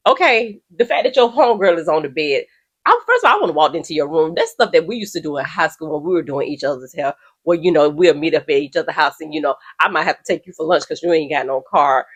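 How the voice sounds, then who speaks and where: Husky low-voiced woman ranting. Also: fast, hardly any pauses. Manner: blunt, exasperated, slangy. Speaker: host reacting to stories. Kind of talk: casual commentary. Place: home room by a window.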